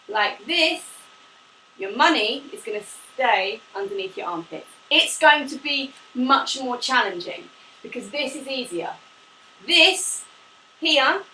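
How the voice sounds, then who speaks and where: A woman's voice: on the high side, bright, forceful tone. A woman teaching a pilates class, demonstrating the moves while she talks, upbeat and a little out of breath. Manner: upbeat, demonstrating while talking, laughs often. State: slightly out of breath from exercising. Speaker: pilates instructor. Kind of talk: live online fitness class instruction. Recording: echoey room, mic at a distance, faint hiss.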